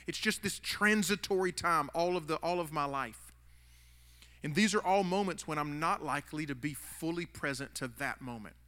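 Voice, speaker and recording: A man's voice: on the high side, moderate pace, pushed and bright. A man preaching a sermon in a casual, rambling way, restarting sentences as he tells a story in a church. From United States. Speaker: pastor. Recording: long hall reverb.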